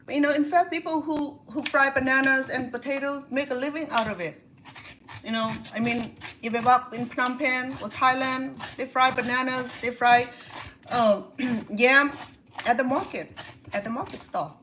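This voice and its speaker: A Cambodian woman with a Cambodian accent hosts a casual home cooking vlog, rambling as she cooks in her kitchen and often restarting her phrases. Her high voice is steady and a bit bright at a moderate pace, with slight background noise and the clatter and clinking of pots, pans and dishes.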